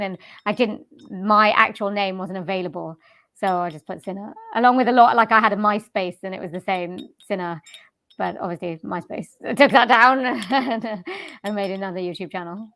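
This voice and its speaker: This is a young woman chatting easily as a podcast guest, laughing often and restarting her sentences. Her voice sits at a middle pitch. The recording is dry and close, with almost no room sound. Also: moderate pace, fairly bright tone, no echo. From Wales. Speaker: jazz singer and voiceover artist, guest. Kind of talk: casual interview chat.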